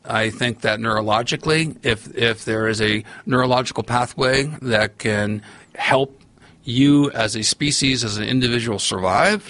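A middle-aged man, a podcast guest, telling a long story in a rambling, animated way and acting out the voices he quotes. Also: on the low side, gravelly, dry recording. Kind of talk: storytelling in a long-form interview.

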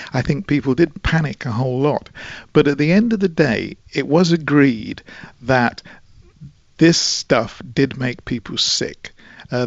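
A man tells a long story as an interview guest, measured and wry with a dry humour. His voice is gravelly with some fry. The recording is dull and lo-fi, with a dry sound and no room echo. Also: medium pitch.

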